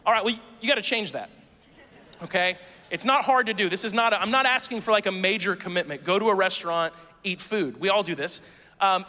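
Male pastor, high and bright, casual and jokey at the pulpit, recorded in a reverberant sanctuary. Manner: conversational and playful, with quick asides to the congregation. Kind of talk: sermon. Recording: long hall reverb.

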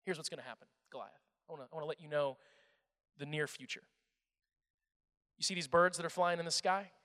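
A man voicing a fearless young warrior who speaks in a low, quiet, menacing way. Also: a little fast, natural voice. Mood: quietly menacing. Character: young male shepherd warrior, fearless and confident. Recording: echoey hall.

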